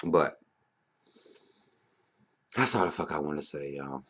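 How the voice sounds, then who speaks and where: A man's voice: a bass voice, takes it slowly, fairly bright tone. A man ranting bluntly to camera in a vlog, heated and profane, firing off rhetorical questions. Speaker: vlogger. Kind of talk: casual rant to camera.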